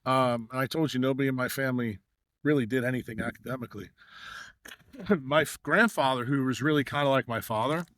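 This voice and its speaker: A middle-aged man from New York, a guest on a podcast, tells long, winding stories full of "uh" and "you know." He slips into the voices of the people in his tales. His voice sits at an ordinary pitch, and it is caught close and dry, with no room sound. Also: brisk, a bit bright, no room sound. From New York, USA. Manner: rambling anecdotal telling with many fillers, acting out quoted dialogue. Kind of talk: storytelling in a podcast interview.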